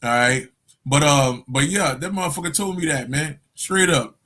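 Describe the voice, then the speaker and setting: A man working as a spiritual guide, giving a casual livestream talk to his viewers in an animated, profane storytelling manner with frequent laughter. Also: fairly high pitch, normal speed.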